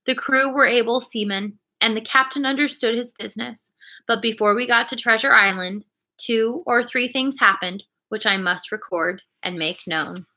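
A woman reading a children's adventure story aloud in a clear storytelling manner. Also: a little high, normal speed, bright, forceful tone. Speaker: reader.

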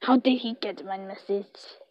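A young woman reading a web story aloud in slow, halting English, recorded on a close, dry home mic. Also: medium pitch, steady tone, dry recording, lo-fi sound. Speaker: story reader.

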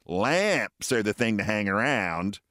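A man voicing a sensible mother moth who gives measured advice. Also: lowish voice, sing-song, pushed and bright, no room sound, studio quality, exaggerated voice. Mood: advising.

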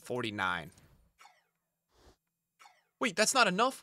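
A tired man live-streaming a game, swearing and venting at his chat, from mutters to yells. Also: mid-range voice, expressive, normal speed, no room sound. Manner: swears and vents at chat, swinging from mumbling to yelling.

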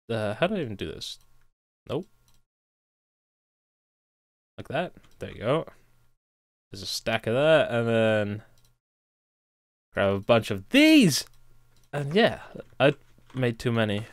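A man's voice: medium pitch, big pitch swings, measured pace, long pauses, no room sound. A young man hosting a let's play, chatting casually and thinking aloud as he builds. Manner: rambling, thinks aloud and talks to himself while building. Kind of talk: casual gameplay commentary.

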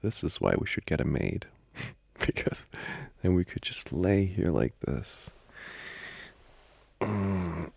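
A young man voicing a needy, playful boyfriend in a whispered role-play, speaking in soft, intimate whispers broken by giggles. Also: low voice, animated, slow, gravelly, long pauses, breathy edge, no echo, full character voice. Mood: playful, coaxing. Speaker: ASMR role-play creator.

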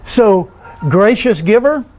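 A man's voice: high voice, animated, takes it slowly, darkish tone. A man leading a Bible class, asking the group questions and often answering them himself. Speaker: Bible study teacher. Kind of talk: conversational Bible teaching.

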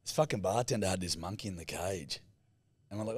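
Co-host, young New man, husky and low, lively swearing banter, dry close sound. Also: brisk, no room sound. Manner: sweary, laid-back banter. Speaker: podcast co-host. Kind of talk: casual chat, telling crude yarns.

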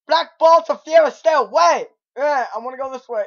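A young man giving gameplay commentary, raging and swearing as he yells at the game. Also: very high-pitched, brisk, slight background noise. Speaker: gamer. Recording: lo-fi dull recording.

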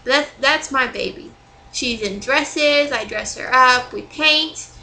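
A young woman vlogging to camera, rambling and exasperated as she rants with plenty of swearing. Her voice sits a little high and sounds bright and sharp, with a faint hiss in the background. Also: takes it slowly, gravelly, poor audio. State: still angry, bruised. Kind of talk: casual vlog rant.

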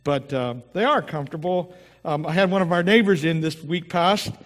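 A man preaching a sermon as pastor, reading scripture aloud with his own asides and praying in a soft voice. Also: a little high, normal speed. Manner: reads scripture aloud with asides, then prays softly. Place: church sanctuary. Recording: church hall reverb.

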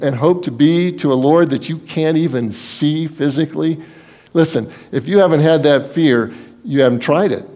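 A man preaching a sermon as pastor, telling Bible stories in a lively way and acting out the people in them. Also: a little high. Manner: storytelling, acts out Bible scenes in quoted voices.

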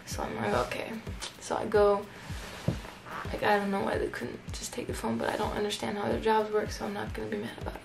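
A woman's voice: medium pitch, brisk, creaky, faint music behind, low-quality recording. A young woman telling a personal story in a casual vlog, chatty and full of "like" fillers. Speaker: YouTuber.

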